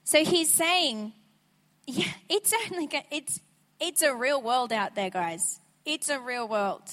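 High bright lady preaching, lively and chatty, big echoey church. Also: slow pace. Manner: energetic, conversational preaching with acted-out asides. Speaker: guest preacher. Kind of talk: sermon. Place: church sanctuary. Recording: church sanctuary with long reverb.

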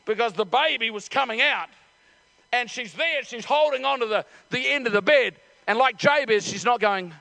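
High-voiced preacher, animated. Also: male voice, moderate pace, creaky. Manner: animated storytelling, acting out voices; repeats and restarts, builds to shouts. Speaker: pastor. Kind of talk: sermon.

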